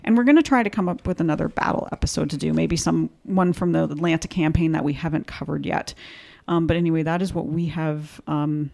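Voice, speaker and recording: Canadian woman co-host, creaky voice, chatty and halting. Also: low voice, warm tone. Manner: chatty, halting with ums and restarts. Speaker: podcast co-host. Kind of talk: casual podcast chat.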